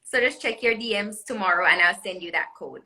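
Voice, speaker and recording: A woman's voice: medium pitch, a little fast, bright, forceful tone, low-quality recording. A woman with a Caribbean accent, a jewelry designer chatting as a guest in a live online interview, laughing often as she promotes her products. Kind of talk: live social media interview. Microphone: phone or webcam on live video call.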